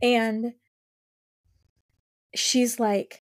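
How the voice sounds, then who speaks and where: Animated young woman chatting about a book. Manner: animated, acts out characters in quick high voices. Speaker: podcast co-host. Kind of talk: casual book discussion.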